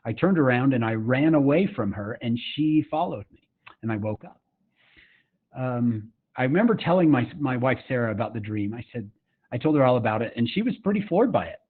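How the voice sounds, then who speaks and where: A man's voice: medium pitch, animated, brisk, husky. Earnest storytelling man on a tinny line. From Utah, USA. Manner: earnest, conversational, with frequent fillers and asides to the audience. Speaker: summit speaker. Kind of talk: personal storytelling talk.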